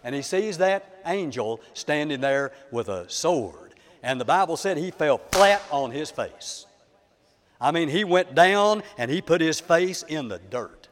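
A man's voice: a little high, big-room sound. A man preaching a sermon, telling a story in a dramatic, folksy way to the congregation.

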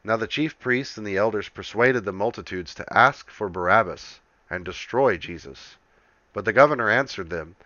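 Male scripture reader, solemn and measured, lowish bright voice, dry, slightly dull recording. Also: dry recording.

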